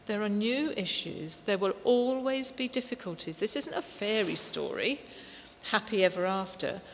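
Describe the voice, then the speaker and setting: A woman preaching a sermon, slow and emphatic, with warm storytelling asides. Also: mid-range voice, expressive. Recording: long hall reverb, faint noise.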